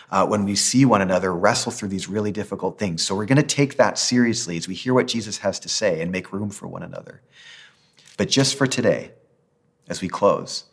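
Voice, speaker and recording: A man preaching a sermon as pastor, earnest and gentle, ending in a prayer. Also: lowish voice, breathy edge.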